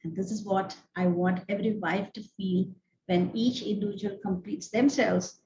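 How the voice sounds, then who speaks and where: A woman hosts an interview, speaking earnestly and often pausing on fillers. Her voice sits in a roomy, echoing space. The sound is dull and lo-fi with a faint hiss behind it. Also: mid-range voice, steady tone, mellow. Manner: earnest, repeats words with many fillers. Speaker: host. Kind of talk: hosting an interview.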